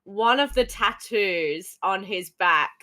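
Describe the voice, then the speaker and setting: A woman's voice: medium pitch, lively intonation, slow, bright, forceful tone. A woman playing a tabletop game, giggly and enthusiastic. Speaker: player.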